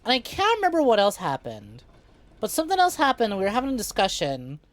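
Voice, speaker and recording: A woman's voice: medium pitch, huge pitch swings, fairly quick. A woman streaming a co-op game, telling rambling, profane stories to her chat in casual talk. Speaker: VTuber streamer.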